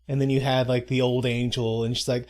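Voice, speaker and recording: A man's voice: medium pitch, flat delivery, fairly quick, darkish tone. Man, live stream co-host, rambling chat, dramatic put-on asides. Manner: rambling, self-interrupting, mock-dramatic quotes. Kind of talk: casual live commentary chat.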